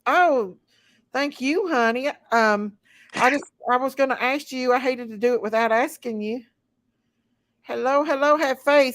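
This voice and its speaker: A woman's voice: on the high side, dry recording. Chatty woman hosting a live stream. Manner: chatty, greets viewers one by one, laughs often. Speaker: livestream host. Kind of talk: casual late-night live chat.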